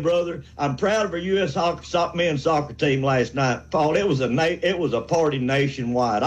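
A man's voice: fairly high pitch, rough recording. Fired-up man in his sixties. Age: 60s. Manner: fired-up, rambling, folksy. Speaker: caller. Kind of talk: sports call-in rant.

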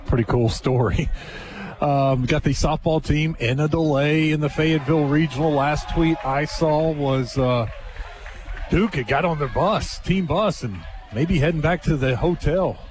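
A man's voice: fairly high pitch, a little slow, darkish tone, slight background noise. A man hosting a live sports broadcast, calling a baseball game in a chatty, conversational way with frequent "uh"s. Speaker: radio sports host and play-by-play announcer.

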